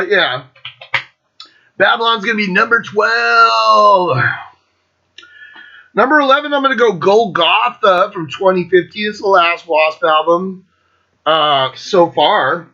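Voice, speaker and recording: Foul-mouthed guy ranting about metal albums, kinda high bright voice, muffled lo-fi sound. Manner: profane, sarcastic, laughs often. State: coughing, throat clearing. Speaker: metal show host. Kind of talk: casual solo chat reviewing albums.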